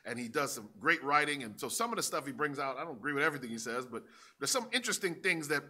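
A man preaching a sermon as pastor, dramatic and building up to shouts. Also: on the high side, animated, fast.

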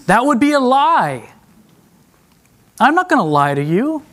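A middle-aged man preaching a sermon as a traveling preacher, emotional and confessional, swinging between hushed and raised delivery and addressing the congregation as friends. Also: very high-pitched, very animated, a little slow.

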